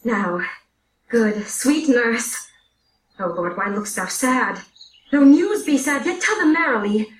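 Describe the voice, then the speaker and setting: A woman's voice: on the high side, lively intonation, slow pace. A woman reading an impatient young lover. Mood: yearning. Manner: eager, pleading. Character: impatient young girl in love. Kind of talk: classroom play reading. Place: classroom. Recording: roomy, picked up from far off.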